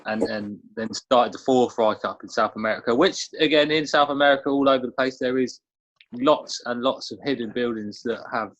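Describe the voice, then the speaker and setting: A man on a podcast, recounting a theory in a halting, hesitant way. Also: mid-range voice, fairly bright tone, no echo. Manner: hesitant, halting, many restarts. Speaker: podcast co-host. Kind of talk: casual conversation. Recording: dull dry lo-fi sound.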